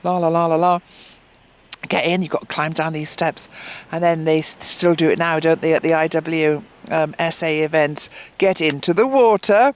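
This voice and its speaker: A woman's voice: low voice, little pitch movement, moderate pace, clean tone. A woman on a beach by a fire, telling a story animatedly and acting out other people's lines. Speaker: founder of a swimming group, interviewee. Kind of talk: casual storytelling. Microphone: handheld microphone.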